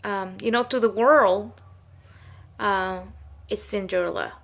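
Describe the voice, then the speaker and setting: A young woman, a homeschooling mother, gives a spoken testimony of a prophetic word. She speaks hesitantly with frequent fillers and slows to a solemn pace when relaying divine words. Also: medium pitch, gravelly.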